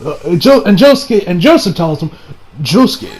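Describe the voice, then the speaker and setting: Excitable young man recapping anime. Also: high-pitched, brisk. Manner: rambling, excitable, acts out quotes with sudden shouts. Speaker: anime reviewer. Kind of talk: casual episode recap and review.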